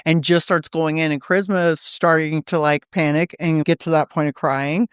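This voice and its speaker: Animated woman telling stories, smooth voice. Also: deep voice, moderate pace, no echo, studio quality. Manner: animated, acts out quotes in shifting voices, swears freely. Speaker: podcast guest. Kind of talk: casual storytelling chat. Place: podcast studio.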